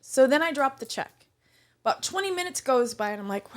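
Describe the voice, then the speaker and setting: A woman co-hosts a casual podcast, with a pitch a little above the middle and a lively, swinging melody. She tells stories with plenty of energy, often tripping over her words and restarting. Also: fairly quick. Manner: animated storyteller, stumbles over words. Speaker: podcast co-host; restaurant server. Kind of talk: casual chat, storytelling.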